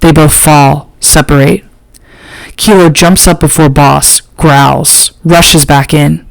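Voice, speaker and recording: A woman reads an audiobook in a measured, literary way. She takes it very slowly, letting each phrase land. The recording is close and dry, with no room sound. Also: deep voice, fairly even intonation, vocal fry, no echo, rough recording. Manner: slow, measured, literary reading. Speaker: audiobook narrator. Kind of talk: scripted narration.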